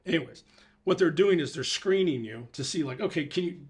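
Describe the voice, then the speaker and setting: On a show, a male guest who founded a small business tells a long, loose, rambling story in casual conversation, restarting often and using lots of fillers. His voice is a little high, animated and brisk, with a darkish tone, and he acts out snippets of dialogue along the way.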